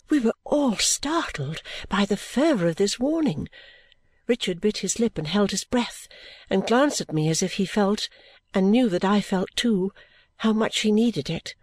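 A man narrating a classic novel as an audiobook, steady and unhurried. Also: high-pitched, no echo.

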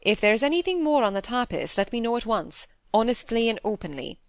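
A woman reading the part of a kind, worried middle-aged male doctor speaking to his daughter, gentle and reassuring. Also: on the high side, sing-song, brisk, dry recording, pitched above the performer's own voice. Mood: earnest. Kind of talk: audiobook character reading.

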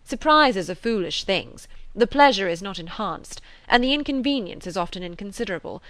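A woman reading the lines of a blunt, protective gentleman in a storybook reading, speaking curtly. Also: mid-range voice, animated, moderate pace, no echo. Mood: dry. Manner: curt, decisive speech.

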